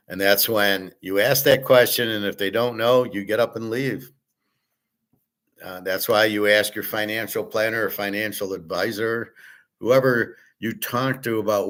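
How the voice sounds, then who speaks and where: A man's voice: lowish voice, steady tone, normal speed, a bit bright. A man hosting a casual opinion monologue, blunt and profane, arguing with rhetorical questions. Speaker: host.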